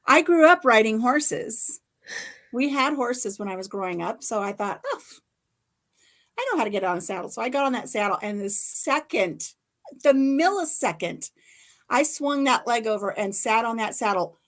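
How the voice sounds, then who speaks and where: A woman hosting a live stream, telling funny personal stories in a casual, animated way. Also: on the high side, normal speed. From Iowa. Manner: animated storyteller, acts out her own cries. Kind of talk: casual storytelling chat.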